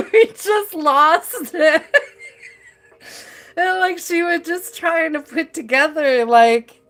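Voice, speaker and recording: A woman's voice: very high voice, extremely slow, pauses often, a bit bright. A woman hosting a live tarot stream, chatting casually and telling stories with frequent laughter. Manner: chatty storyteller, laughs often.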